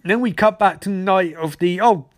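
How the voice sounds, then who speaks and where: A man hosting a show, rambling through a casual, sarcastic episode recap with quick asides. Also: high-pitched.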